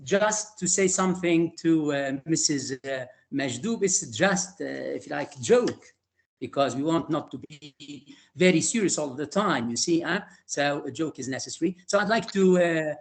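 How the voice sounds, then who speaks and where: An older man giving emotional, halting closing remarks on a video call. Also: on the high side, expressive, gravelly. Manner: halting, many fillers and restarts. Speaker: retired teacher trainer.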